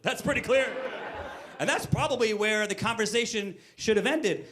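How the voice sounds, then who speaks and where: A man in his forties doing stand-up comedy, animatedly acting out both sides of conversations with quick voice shifts. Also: high-pitched, very animated, a bit bright, slight background noise. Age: 40s. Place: brewery stage before a live audience.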